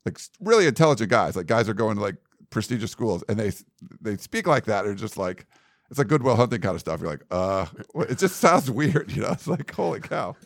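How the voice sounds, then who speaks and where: Rambling low-voiced man, lively pitch. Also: quick pace, no room sound. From United States. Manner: rambling, lots of likes and ums. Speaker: podcast host. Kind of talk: casual sports chat.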